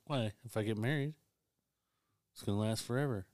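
A man's voice: fairly low pitch, a little fast, a little mellow. A man co-hosting a casual podcast, blunt and enthusiastic, swearing often. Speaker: podcast co-host. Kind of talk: casual chat.

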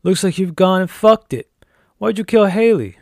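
A man voicing a corrupt male sheriff who speaks loudly and gloatingly in an audio story. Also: high voice, lively intonation, moderate pace, vocal fry, no echo, clean studio sound, voice pushed up.

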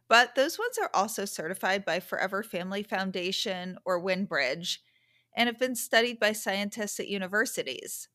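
A woman's voice: medium pitch, a bit bright, no room sound. Female podcast host, conversational and frank, dry close recording. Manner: chatty, candid, self-correcting asides. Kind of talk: casual podcast monologue. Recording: dry close-mic sound.

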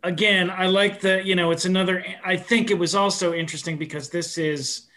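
Man, podcast co-host, bright forward voice, enthusiastic. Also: high-pitched, fairly even intonation, brisk. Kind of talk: casual chat.

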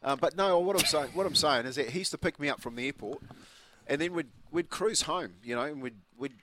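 A man's voice: on the high side, a little fast, bright, forceful tone. A New Zealand man in his fifties, a breakfast radio co-host telling a rambling story with restarts in casual chat. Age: 50s.

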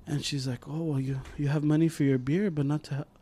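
Animated man telling stories. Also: fairly high pitch, quick pace, husky. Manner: animated storyteller, acts out quoted voices. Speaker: podcast co-host. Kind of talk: casual chat.

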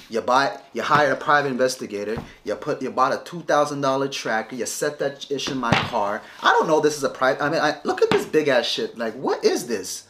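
A man vents to a camera in a heated, scolding tone, hammering the same phrases again and again. His voice sits in an ordinary middle pitch but swings up and down with lively animation. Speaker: father addressing his ex-wife on camera. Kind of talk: confrontational casual talk to camera.

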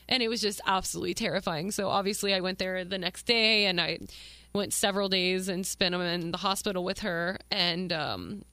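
Bright-voiced woman telling a candid story. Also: mid-range voice, dry recording. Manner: emotional, candid, swears, many fillers. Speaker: podcast host. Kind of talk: personal storytelling monologue.

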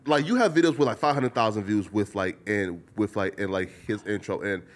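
A man's voice: on the low side, a little fast. A man hosting a casual interview, rambling with lots of filler words. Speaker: podcast host.

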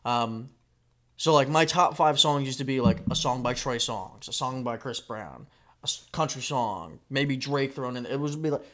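A man hosting a podcast from a home basement, chatting casually with a rambling deadpan humor and frequent swearing. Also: mid-range voice, normal speed. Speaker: podcast host. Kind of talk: casual comedic chat.

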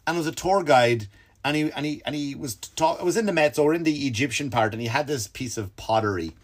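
A man's voice: fairly high pitch, fast talker. A man hosting a podcast, telling rambling stories in a profane, exasperated way and mimicking the people in them. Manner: mimics other people in quoted bits. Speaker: podcast host. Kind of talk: casual comedic monologue.

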